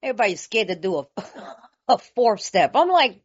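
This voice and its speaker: A woman from California speaking at a recovery meeting, telling her story in a lively, colloquial way and laughing often. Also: medium pitch, moderate pace, breathy edge. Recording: slightly muffled lo-fi recording.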